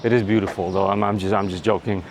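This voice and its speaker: A man's voice: lowish voice, flat delivery, fast, slight background noise. A man from Romania recording a casual travel vlog outdoors on city streets, rambling and joking and swearing now and then. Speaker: travel vlogger. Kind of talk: casual walking vlog commentary.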